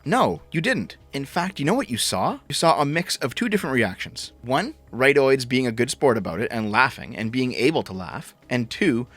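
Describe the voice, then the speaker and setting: A man's voice: medium pitch, very animated, moderate pace, hardly any pauses, a bit bright, faint music behind. A man ranting as a political commentator, sarcastic and mocking, with frequent swearing.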